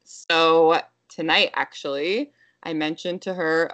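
A woman's voice: lowish voice, moderate pace, dry recording. A woman co-hosting a casual chat, telling stories animatedly with frequent laughs. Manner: animated storytelling, laughs often, mimics a toddler's voice.

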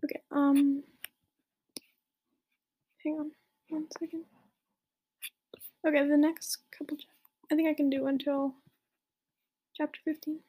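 A woman's voice: high-pitched, level tone, measured pace, pauses often, dark tone. A young woman reading a fan story aloud in a whispery voice, with amused asides. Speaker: reader.

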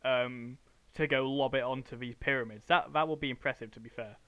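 A man's voice: mid-range voice, fairly even intonation, a little fast, bright, forceful tone, dull audio. Joking young man. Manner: banters, laughs often, trails into mock accents. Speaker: podcast co-host. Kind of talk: casual chat.

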